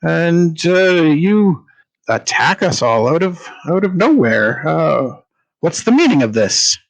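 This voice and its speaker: A man's voice: on the high side, big pitch swings, slow pace, creaky, voice pushed up, heavily acted, poor audio. A man voicing a pompous, courteous male traveler who speaks in a flowery, hesitant way. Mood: indignant. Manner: flowery, over-polite, hesitant.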